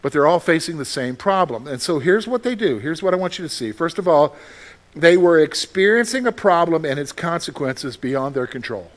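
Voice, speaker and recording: A male pastor preaching a sermon, animated, with frequent rhetorical questions to his listeners. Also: on the high side, moderate pace.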